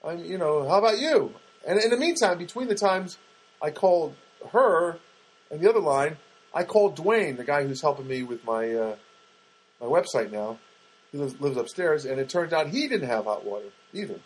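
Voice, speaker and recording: A man with a husky, slightly raspy voice pitched a bit above the usual tells a long, digressive anecdote. He is wry, loses his thread and restarts, and acts out bits of dialogue along the way. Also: expressive, moderate pace, low-quality recording. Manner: digressive, wry, full of restarts and acted-out quotes. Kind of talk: rambling anecdotal monologue.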